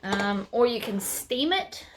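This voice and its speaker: A woman's voice: on the high side, animated, slow, noisy background. A woman hosting a sewing tutorial, chatting casually as she works through each step.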